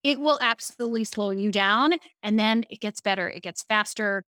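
A woman from Baltimore, a speaking coach, telling lively stories as a podcast guest. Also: mid-range voice, moderate pace, no room sound, clean studio sound. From Baltimore, USA. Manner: lively storyteller, animated asides. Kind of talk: casual podcast interview.

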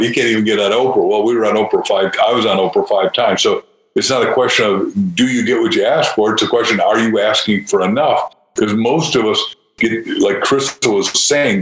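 A man's voice: on the low side, a bit bright, echoey room, low-quality recording. A man guest author giving motivational advice in an emphatic, punchy way. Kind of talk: motivational talk.

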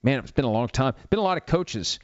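Here the fifty-something host runs his one-man sports talk show at a fast clip, his medium-pitched voice full of lively intonation. He rambles, offers strong opinions and pokes fun at himself, and the muffled recording has no echo.

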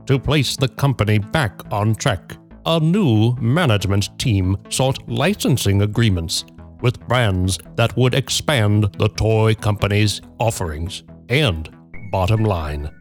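Man, podcast host, scripted narration, dry punchline delivery, unhurried, lively pitch. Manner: measured, dry storytelling that builds to punchlines. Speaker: podcast host reading a prepared story. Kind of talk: scripted narration with casual banter.

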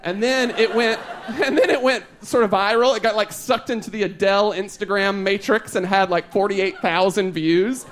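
A young gay man performing a stand-up comedy set, telling a story with animated, exaggerated bursts. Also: high voice, normal speed, a little hiss or hum. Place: comedy stage before a live audience.

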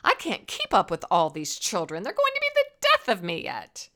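A woman's voice: mid-range voice, big pitch swings, moderate pace. A woman voicing a smug, giggling young mother who brags about her children in a sing-song, snide way. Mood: mock-frazzled.

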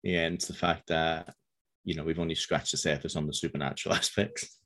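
A man co-hosting a podcast, chatting casually in a dry, low-key, teasing way. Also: fairly even intonation, fairly quick, fairly bright tone. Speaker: podcast co-creator. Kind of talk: casual chat.

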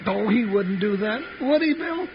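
An actor playing Jingles, a fretful comic sidekick, in an old radio western drama with a high whiny voice. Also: male voice, animated, normal speed. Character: bumbling comic sidekick Jingles, adult man. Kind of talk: 1950s radio drama acting. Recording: dull old radio broadcast with hiss.

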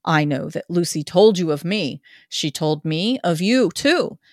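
A woman reading the lines of a grave, gentle Victorian male doctor in her own voice, with earnest dramatic delivery. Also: fairly low pitch, expressive, a little slow, dry recording, clean studio sound, pitched below the performer's own voice.

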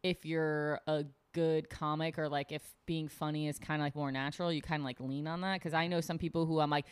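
A woman's voice: sits low, little pitch movement, brisk, clear, resonant tone. A woman stand-up comic chatting on a podcast, blunt and profane, saying "like" constantly and acting out quotes. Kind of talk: casual podcast chat.

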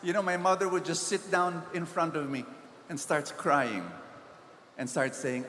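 A man's voice: a little high, animated, normal speed, a bit bright, a little hiss or hum. A man with a Filipino accent preaching a sermon, telling a story and pleading, rising to emphatic peaks. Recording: echoey hall, faint ambience.

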